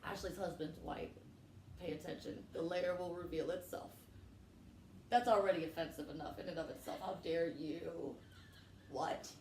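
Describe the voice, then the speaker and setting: Woman comic, profane storyteller, mid-pitched, recorded in an echoey room. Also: moderate pace. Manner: brash, profane, animated storytelling with acted quotes. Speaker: comedian guest. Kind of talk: casual storytelling chat. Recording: echoey room with faint noise.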